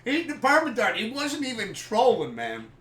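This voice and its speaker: Man, podcast host, casual storytelling, bright high voice, swears a lot, echoey room, far from mic. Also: moderate pace. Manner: animated, swears freely, acts out scenes loudly.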